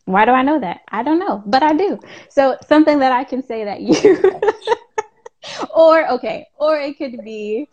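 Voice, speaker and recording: A woman's voice: sits high, expressive, normal speed, darkish tone, highs cut off. A woman hosting a casual live interview, chatty and encouraging, with lots of fillers. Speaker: podcast host. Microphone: live stream call.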